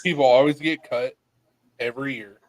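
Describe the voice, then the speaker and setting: A man's voice: medium pitch, fairly even intonation, moderate pace, dry recording, rough recording. A man telling stories in a casual podcast chat, swearing and laughing often. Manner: laid-back storyteller, swears, laughs often. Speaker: podcast co-host.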